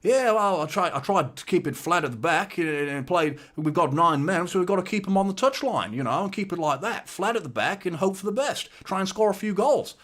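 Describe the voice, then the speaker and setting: A man's voice: high voice, animated, fairly quick, few pauses, a bit bright, pitched above the performer's own voice. A man imitating a cheery, laid-back Australian football manager with a put-on Australian accent, in a breezy, sing-song manner. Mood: jolly.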